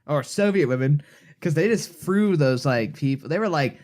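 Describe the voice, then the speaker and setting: A man's voice: on the high side, animated, normal speed, a little mellow. A man co-hosting a casual podcast, talking in a rambling, opinionated way full of restarts and asides. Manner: rambling, self-correcting, opinionated. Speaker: co-host.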